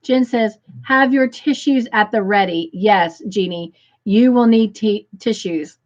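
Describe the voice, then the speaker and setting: A woman hosting a crochet live stream, reading viewer comments aloud and gushing with excitement. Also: medium pitch, a little slow, muffled recording.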